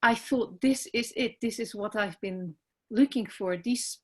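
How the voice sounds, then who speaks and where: A Dutch woman with a Dutch accent, introducing herself on a video call, soft and hesitant, tearful and emotional. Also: fairly high pitch, slightly rough. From Netherlands. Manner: soft, hesitant, halting with many ums. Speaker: team member on a group call.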